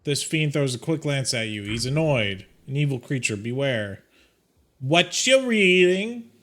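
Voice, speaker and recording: Young male gaming streamer, mid-pitched, casual and jokey, reads game dialogue aloud. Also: normal speed. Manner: joking, reads dialogue in playful voices. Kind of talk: casual let's-play commentary, reading game text aloud.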